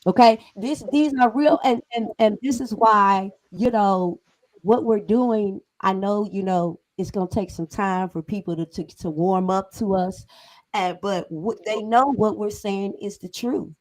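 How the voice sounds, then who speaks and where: A middle-aged woman co-hosts a podcast discussion at a mid-range pitch. She talks in an emphatic, conversational way and laughs often. The recording is dry and close, with no room sound. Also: unhurried, a little mellow, no echo, low-quality recording. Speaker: podcast co-host.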